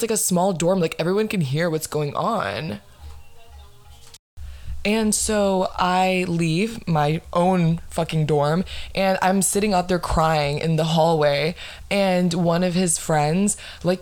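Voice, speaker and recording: A young woman in her twenties hosts a casual podcast chat. She tells her story in an animated way, swearing often and leaning on fillers, in a slightly low voice. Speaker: podcast host.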